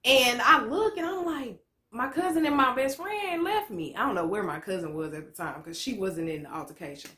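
A woman's voice: fairly high pitch, lively intonation, normal speed, sharp tone. A woman in her late twenties telling a story to camera as a vlogger, blunt and profane, full of slang. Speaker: motivational vlogger. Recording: echoey room.

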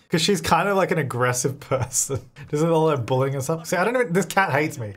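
A man's voice: a little high, expressive, a little fast, fairly bright tone. A young man giving casual, chatty commentary while playing a life-simulation game, laughing often and talking to the characters on screen. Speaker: gaming video creator. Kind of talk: casual let's-play commentary.

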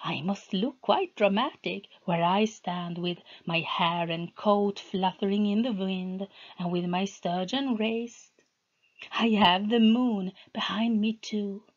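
A woman's voice: medium pitch, steady tone, slow pace, dull audio. A woman voicing Sol, an earnest young woman with a flair for the dramatic, in a storybook reading. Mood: dreamy. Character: young woman, witch's daughter, dramatic and eager.

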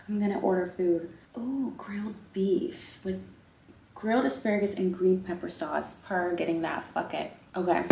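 A woman's voice: mid-range voice, a little hiss or hum. Candid young woman in an echoey room. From Netherlands. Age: 20s. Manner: chatty and candid, drifting between loud exclamations and hushed asides. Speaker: vlogger. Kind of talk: casual candid vlog chat. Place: hotel room, indoors. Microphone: handheld vlog camera.

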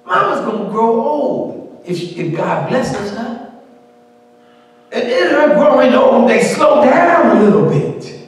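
A male pastor with a strikingly high voice preaches at an unhurried pace, his pitch leaping around as he builds to shouts. The sound carries the long ring of a church sanctuary, picked up from some distance away. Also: sing-song. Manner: call-and-response preaching, rising to shouts. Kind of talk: preaching a sermon. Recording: echoey church hall, mic from afar.

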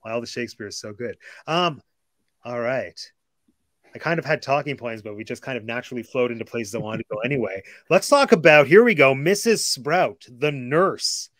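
A man's voice: medium pitch, moderate pace, a bit bright, no echo. Man, casual host, enthusiastic, gushing, dry close sound. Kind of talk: casual discussion.

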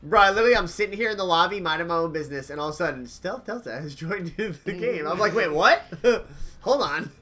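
Young male streamer, bright and forceful, joking banter with friends. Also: high-pitched, expressive, fast, few pauses. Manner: laughing, swearing banter. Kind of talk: casual gaming chat.

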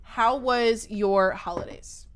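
Slow and smooth, with fairly even intonation, her voice stays on the high side. The young woman streams a casual chat with live viewers, yet she rambles nervously, keeps restarting, swears, and her voice cracks.

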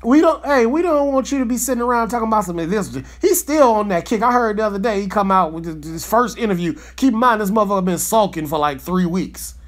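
A fired-up man hosting his own podcast, talking straight to his listeners in a loose, profane rant. His voice sits a little higher than most men's, and he stays heated and slangy throughout. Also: animated, quick pace, few pauses. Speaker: podcast host. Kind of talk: casual podcast monologue.

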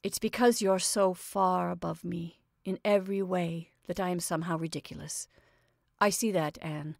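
A woman voicing a shy, devoted young man who speaks softly and hesitantly. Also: fairly low pitch, fairly even intonation, moderate pace, vocal fry, no room sound, clean studio sound. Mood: earnest.

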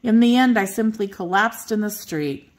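An older woman reading a children's bedtime story aloud in a gentle, expressive way. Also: medium pitch, normal speed.

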